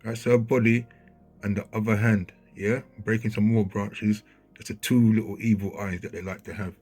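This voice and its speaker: A man with a husky, slightly rough voice talks over footage in a loose, conversational way. He grows excitable and keeps checking in with his listener. Faint music plays behind him. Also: fairly low pitch, moderate pace. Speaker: video commentator. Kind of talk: casual commentary over footage. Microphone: handheld mic.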